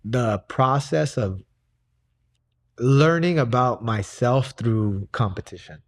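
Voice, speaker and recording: A man's voice: medium pitch, takes it slowly. Young guy rambling thru a story, super casual, lots of restarts. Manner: rambling, many fillers and restarts. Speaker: guest, grappling coach and personal trainer.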